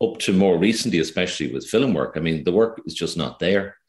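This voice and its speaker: An Irish man with an extremely deep voice chats in an interview. He hedges and restarts often. The room around him rings with echo. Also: animated, fairly quick, darkish tone. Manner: hesitant, many fillers and restarts. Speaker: guest actor. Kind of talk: casual interview chat.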